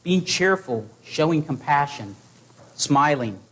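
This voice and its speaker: A man preaching a sermon to his congregation in an earnest, exhorting way, with measured pauses. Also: a little high, expressive, fairly bright tone, breathy edge.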